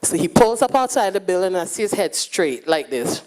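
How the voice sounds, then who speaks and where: A woman in her forties, speaking at a conference, telling lively personal stories with frequent laughter. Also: fairly low pitch, a little fast. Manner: lively, animated and laughing, acting out quotes. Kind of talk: personal storytelling talk. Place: conference stage.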